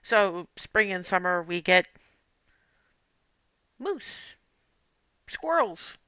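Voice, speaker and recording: Woman, game master, tabletop game narration, lively, dry close sound. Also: on the low side, extremely slow, smooth, dry recording.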